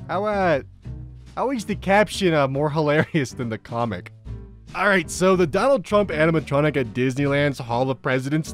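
A man's voice: a little high, expressive, moderate pace, soft background music. An American man hosting, reading funny posts aloud in a casual comedic way, often breaking into laughter.

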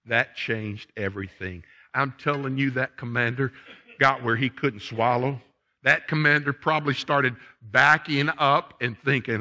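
A man preaching a sermon in a church, folksy and conversational, swinging from quiet reflection to loud punchy asides. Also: mid-range voice, expressive, measured pace. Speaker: pastor. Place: church sanctuary.

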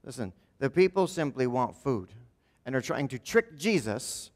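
A man's voice: medium pitch, lively intonation, normal speed, in a large hall. A man preaching a sermon as pastor, talking conversationally and often checking in with "right?". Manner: acts out quoted speakers in changed voices. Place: church sanctuary.

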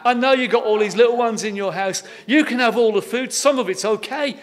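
A man playing a generous lorry driver who offers help brightly and briskly, his voice lifted high. He sounds loud and eager, with an English accent.

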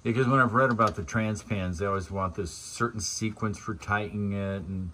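A man's voice: on the low side, fairly even intonation, brisk, pushed and bright, slight background noise. A man chatting and joking while watching a car repair in a garage. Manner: joking, chatty, asks questions. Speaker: channel host filming car repair. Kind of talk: casual chat in a garage. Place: garage or driveway, working on a car.

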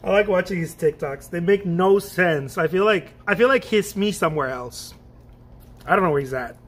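Brief: middle-aged man, high-pitched, hyped and slangy, chatting loosely while he paints in his studio. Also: normal speed. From Mexico. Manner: excitable and slangy, laughs often, repeats himself. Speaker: painting instructor. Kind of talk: casual chat while painting.

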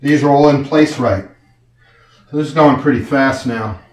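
A man's voice: mid-range voice, moderate pace. A man casually talking through a wall-mounting job step by step as he works, joking at his own expense. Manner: chatty, self-mocking, explains each step as he works. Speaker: do-it-yourself video maker. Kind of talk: casual narration while working. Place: indoor room being set up as a studio. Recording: roomy echo, faint background noise.

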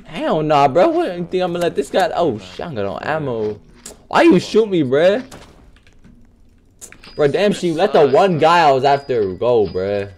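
Hosting a gaming video, a man plays a boastful rich penguin in in-game voice chat role-play, trash-talking brashly and mockingly with loud bursts. His voice sits on the high side with big pitch swings, at a normal speed.

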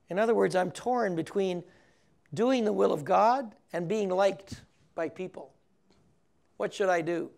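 Older priest with a gravelly high voice. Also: male voice, a little slow, long pauses, darkish tone. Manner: chuckles often, reads scripture aloud, asks the audience questions. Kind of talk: scripted teaching talk on scripture. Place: recorded for television broadcast.

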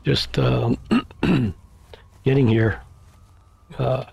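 A man's voice: mid-range voice, steady tone, unhurried, vocal fry, a little mellow, no room sound. A man casually commenting on his own gameplay, thinking aloud with fillers, and losing his voice. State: losing his voice, clearing throat. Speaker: gameplay video host.

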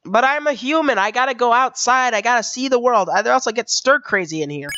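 A woman's voice: fairly high pitch, a little fast, few pauses. Giggly woman narrating a game. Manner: excitable, giggly, talking to the game. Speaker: game streamer. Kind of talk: let's play commentary. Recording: game music playing behind.

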